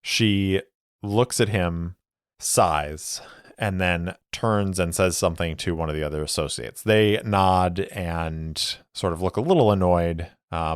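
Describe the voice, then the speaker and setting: A man hosting his own podcast, narrating a solo tabletop game in a measured, deliberate way. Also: deep voice, clear, resonant tone, dry recording, clean studio sound.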